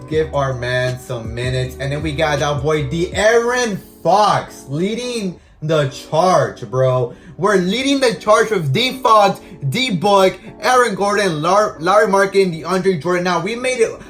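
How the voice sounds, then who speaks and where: Young male gaming host, slightly high voice, casual slangy commentary, prone to frustrated rants, faint music underneath. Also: slow pace, fairly bright tone. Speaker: gaming YouTuber.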